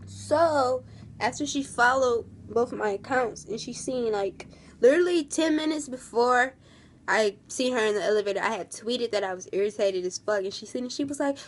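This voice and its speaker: A young woman vlogging in a casual, rambling storytime, gushing and full of fillers. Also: a little high.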